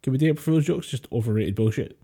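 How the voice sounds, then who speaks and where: A man's voice: mid-range voice, quick pace, mellow, husky. Laughing, swearing podcast guy. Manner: rambling, laughs often, swears casually. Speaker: podcast co-host. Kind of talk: casual chat over voice call. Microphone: voice call headset or desk mic.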